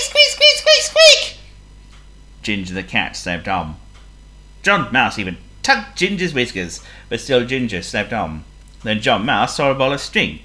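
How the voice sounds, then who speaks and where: A woman reading a children's story aloud, expressive and playful, asking the listener questions. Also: extremely low pitch.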